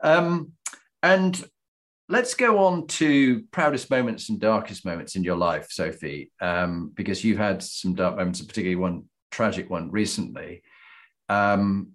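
Sixties man from Yorkshire, low voice; anecdotal interviewer who rambles. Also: unhurried. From Yorkshire, England. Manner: rambling, anecdotal, with a gentle chuckle. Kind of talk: conversational interview.

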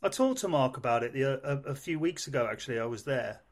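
A man's voice: mid-range voice, lively intonation, fast. A man co-hosting a podcast, chatting casually in a rambling, hesitant way with many fillers. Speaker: podcast co-host. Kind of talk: casual interview chat.

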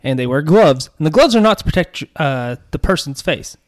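A man's voice: a little high, expressive, moderate pace, dry recording, studio quality. A man co-hosting a casual true-crime podcast, reacting with jokes and irreverent, playful asides. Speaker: podcast co-host.

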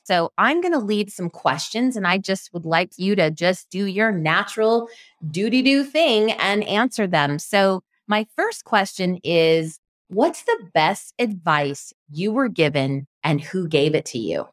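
A woman's voice: medium pitch, lively intonation, a little slow, no room sound, clean studio sound. Bubbly woman hosting a show. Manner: bubbly, laughs often. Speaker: podcast host. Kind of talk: upbeat interview hosting.

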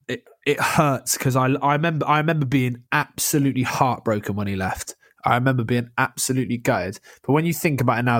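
A man's voice: mid-range voice, dry recording, studio quality. Passionate young man talking football. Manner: passionate, rapid, many restarts. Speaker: podcast co-host. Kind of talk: casual football chat.

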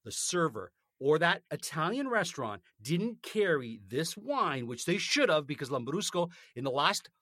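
A man's voice: on the high side, big pitch swings, normal speed, hardly any pauses, sharp tone, no room sound, studio quality. A man co-hosting a podcast, telling a story in a casual, indignant rant and swearing freely. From North America. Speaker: podcast co-host. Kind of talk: casual chat, ranting story.

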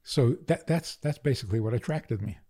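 An older man, a rabbi guest in an interview, talking in a wry, deadpan storytelling way with bursts of animation. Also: medium pitch, brisk. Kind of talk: interview conversation.

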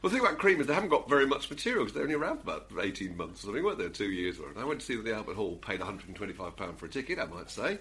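A man's voice: lowish voice, very fast, few pauses. A man hosting a podcast, chatting and telling stories with lots of laughter. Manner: animated storyteller, laughs often. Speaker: podcast host. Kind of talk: casual chat.

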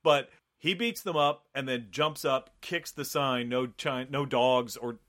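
A man co-hosting a casual movie podcast, animated and profane, cracking dark jokes. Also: mid-range voice, a little slow. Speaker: podcast co-host.

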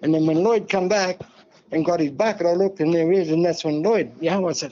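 Older Aussie bloke, fairly high-pitched, folksy rambler, muffled lo-fi line. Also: male voice, a little fast, warm tone. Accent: Australian. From Australia. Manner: rambling, folksy, peppers talk with "see" and "mate". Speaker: guest. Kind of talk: casual storytelling.

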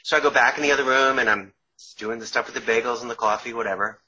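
Male guest with a New York accent, husky bright tone, chatty and self-interrupting; muffled lo-fi audio. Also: mid-range voice, fairly even intonation, fast. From Long Island, New York. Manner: rambling, self-interrupting, laughs through stories. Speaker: guest, author and former caterer. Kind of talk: casual storytelling interview. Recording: dull lo-fi sound.

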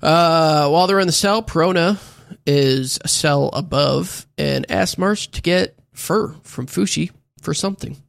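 Casual male podcaster, gravelly, dry close sound, loose crude delivery. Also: on the high side, a little slow, few pauses, dry recording. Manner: laid-back recap, often mimics characters. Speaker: podcast co-host recapping an anime.

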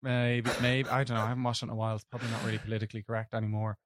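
This is an Irish man talking films on a podcast with a mate. He is eager and relaxed, with a mid-range voice, and swears now and then as casual emphasis. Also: medium pitch, rapid-fire. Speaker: podcast co-host. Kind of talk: casual film chat.

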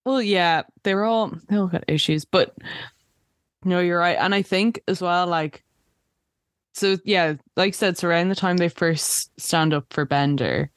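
A young Irish woman co-hosting a podcast, telling stories in a lively way and quoting what she saw. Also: lowish voice, unhurried, no echo, clean studio sound. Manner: animated storytelling, quoting lines and laughing often. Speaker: podcast co-host. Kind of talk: casual chat.

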